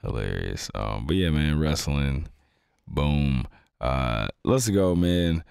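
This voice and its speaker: A man's voice: rumbling low, lively intonation, slow pace, vocal fry, a little mellow, clear, resonant tone, no room sound, studio quality. A man hosting a casual podcast, teasing his co-host and steering the chat into new segments.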